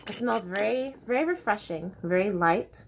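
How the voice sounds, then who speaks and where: A woman's voice: medium pitch, animated, normal speed, gravelly. A young woman chatting casually to camera as a vlogger, bubbly and chatty, swearing freely.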